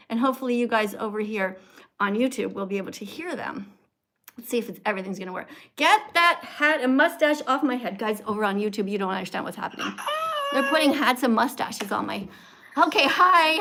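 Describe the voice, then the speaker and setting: A woman's voice: on the high side, lively intonation, a little fast, sharp tone. A woman in her sixties hosting a casual livestream, chatty and upbeat, laughing as she greets viewers and reads comments. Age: 60s. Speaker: livestream host. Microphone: phone camera livestream.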